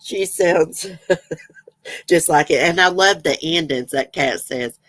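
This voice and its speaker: A woman's voice: low voice, slow pace, fairly bright tone, no echo. A woman, chatting casually as a livestream host, reading viewer comments and rambling with frequent laughs.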